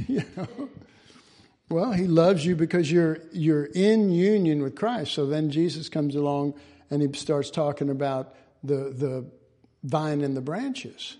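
High-voiced, slow-talking male Bible teacher. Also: animated, warm tone. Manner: folksy, chuckles often, restarts phrases.

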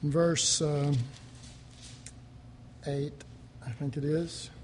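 A man preaching an informal sermon, chatting and joking between readings and rising to animated emphasis. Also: on the high side, extremely slow, long reverb tail, slight background noise.

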